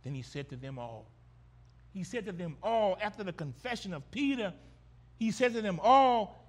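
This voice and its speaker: A man preaching a sermon, swinging between loud drawn-out exclamations and hushed low phrases, with emphatic repetitions. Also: very animated. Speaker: pastor.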